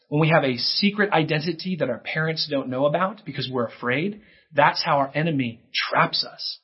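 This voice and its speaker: Guy preaching to kids, really lively up-and-down voice, bit husky, muffled recording. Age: adult. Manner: animated, acts out kids' lines in a higher voice. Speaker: pastor. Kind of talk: sermon to children. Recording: dull lo-fi recording.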